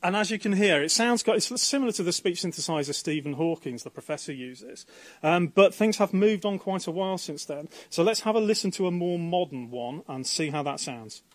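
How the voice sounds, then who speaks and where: A man's voice: high voice, expressive, fairly quick, dry recording. A man organising a coding event, talking keenly and explaining in a radio interview on a university campus. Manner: enthusiastic, explanatory, with fillers.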